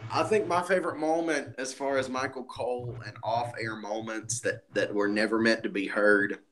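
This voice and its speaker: A man's voice: mid-range voice, steady tone, moderate pace, fairly bright tone, slight background noise. Joking, foul-mouthed man. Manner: joking, profane asides. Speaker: podcast co-host. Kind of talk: casual chat.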